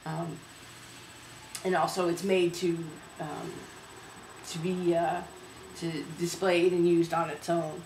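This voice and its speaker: A woman's voice: on the low side, level tone, slow, pauses often, darkish tone, slight background noise. Chatty woman hosting in an echoey room. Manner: chatty, hesitant, many fillers. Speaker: host. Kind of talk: casual home video show. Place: home room.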